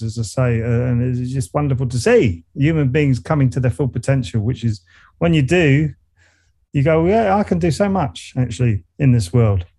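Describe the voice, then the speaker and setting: A man's voice: mid-range voice, warm tone, breathy edge. A middle-aged man with a Surrey English accent, talking as an interview guest in a reflective, rambling way. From England. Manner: reflective, rambling, frequent restarts and laughs. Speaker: guest, meditation coach and musician. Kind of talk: casual interview conversation.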